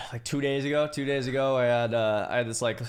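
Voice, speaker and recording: A man's voice: mid-range voice, fairly even intonation, brisk, smooth. Profane young man telling a rambling story. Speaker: podcast co-host. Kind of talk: casual storytelling.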